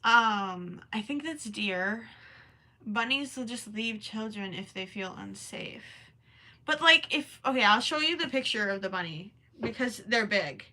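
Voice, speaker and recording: A woman's voice: fairly high pitch, expressive, a little slow, sharp tone. A young woman chatting casually on a crochet livestream, reading and answering viewers as she works. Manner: chatty and distracted, often stops to count stitches under her breath.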